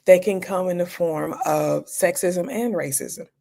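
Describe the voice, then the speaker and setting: Woman ER doctor as interview guest, gravelly fry, lively storyteller who acts out her reactions. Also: on the low side, measured pace. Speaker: emergency room physician, guest.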